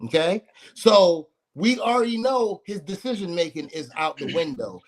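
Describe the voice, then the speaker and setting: A man's voice: sits high, lively intonation, normal speed. A man on a sports podcast panel giving blunt, emphatic, profane opinions. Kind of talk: casual sports chat.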